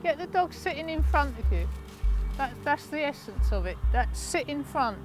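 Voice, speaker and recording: A high-voiced woman from the United Kingdom runs a dog training class, giving brisk commands and cheerful, bouncy encouragement. She is picked up by a camera mic some way off. Faint music sits underneath. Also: animated.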